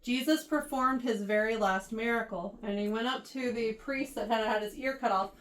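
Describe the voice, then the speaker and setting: High-voiced woman teaching a youth Bible study. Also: moderate pace, a bit bright. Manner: chatty, keeps checking in with questions; reads scripture aloud then retells it in everyday words. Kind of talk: casual Bible lesson to teens. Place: church. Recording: voice picked up from a distance.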